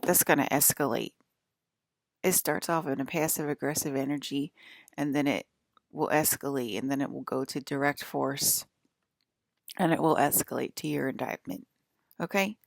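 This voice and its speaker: A woman's voice: low-pitched, fairly even intonation, normal speed, creaky, long pauses, dry recording. A woman in her thirties from the US East Coast with an East Coast accent, rambling casually to her viewers, laughing often and sometimes dropping to a whisper. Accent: American East Coast. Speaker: vlogger.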